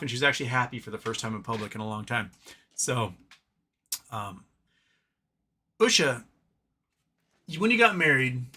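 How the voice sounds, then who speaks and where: Male livestream host, mid-pitched and sharp-toned, loose and chatty, reading comments and riffing with frequent restarts. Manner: rambling, opinionated, drops to a mumble talking to his cat.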